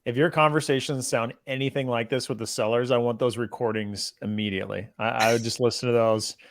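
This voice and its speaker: A man hosting a podcast interview, relaxed and jokey, often laughing along. He has a mid-range voice, recorded close and dry with no room echo. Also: mid-range voice, a little fast. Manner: laid-back, laughs often, calls the guest dude. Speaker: podcast host.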